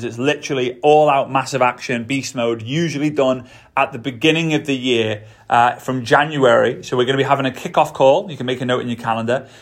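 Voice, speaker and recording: Man, Liverpool Scouse accent, podcast host, business coach, enthusiastic, sing-song delivery, middle pitch. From Liverpool, England. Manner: enthusiastic, sing-song, repeats words for emphasis. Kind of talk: solo podcast monologue.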